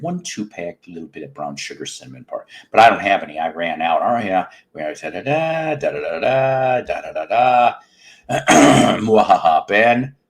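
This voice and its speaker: A man hosting a livestream show from home, talking in a rambling, self-mocking, jokey way. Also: fairly low pitch. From United States. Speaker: livestream music show host. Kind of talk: casual livestream chat.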